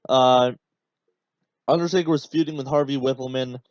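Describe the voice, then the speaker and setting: A man hosts a casual podcast watch-along, rambling through his thoughts with plenty of fillers and a sarcastic, exasperated edge. His voice sits at an ordinary middle pitch. The recording is dull and dry, with no room sound. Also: steady tone, moderate pace, no room sound. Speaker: podcast host.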